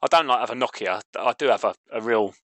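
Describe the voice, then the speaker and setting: A man's voice: mid-range voice, fast, no room sound. A talkative man co-hosting a football podcast, telling stories in casual chat. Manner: chatty, animated. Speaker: podcast co-host.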